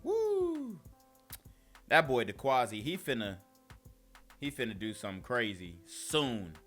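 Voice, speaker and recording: A man's voice: on the low side, expressive, normal speed, sharp tone, soft background music. A young man hosting casual reaction commentary, slangy and often laughing. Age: young adult. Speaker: commentary host.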